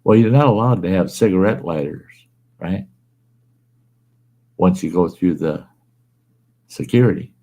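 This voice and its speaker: A man with a deep, mellow, expressive voice hosts his own storytelling show from home, speaking at a measured pace with frequent pauses. Wearing earbuds as a mic, he spins a rambling, folksy tale in a plain, casual way.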